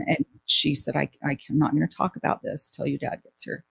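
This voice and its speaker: Husky, gravelly woman telling her story. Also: low-pitched, a little fast. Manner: animated retelling, acting out quoted dialogue. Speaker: guest. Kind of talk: personal storytelling in an interview.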